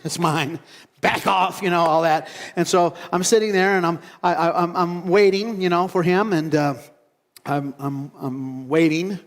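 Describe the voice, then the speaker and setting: A pastor preaching a relaxed, conversational sermon, telling on himself with frequent chuckles as he acts out a story. His voice sits fairly high for a man, and it rings out with a long reverb tail in a church hall. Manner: casual and self-mocking, laughing often, acting out the story.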